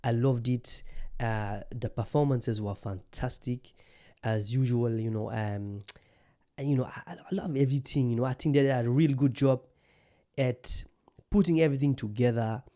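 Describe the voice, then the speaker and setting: Guy podcasting, warm mellow voice, mid pitch, rambly and hyped, lots of ums. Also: normal speed. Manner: rambling and enthusiastic, many fillers and restarts, swears freely. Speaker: podcast host. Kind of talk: casual solo film review.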